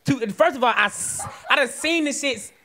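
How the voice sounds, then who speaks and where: A man with a Southern US accent riffing loudly on a comedy podcast, animated and profane, swinging between yelling and mumbling. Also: extremely high pitch, brisk. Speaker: comedian co-host.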